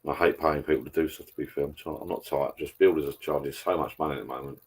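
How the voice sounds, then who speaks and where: A man's voice: very deep voice, steady tone, fast, breathy edge. A middle-aged man hosting a casual live stream, rambling on and reading out viewer comments.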